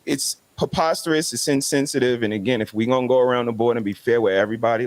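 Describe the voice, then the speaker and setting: A man's voice: mid-range voice, fast, few pauses, no room sound. A man, making emphatic, preachy points as a guest in a casual podcast discussion. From New York City.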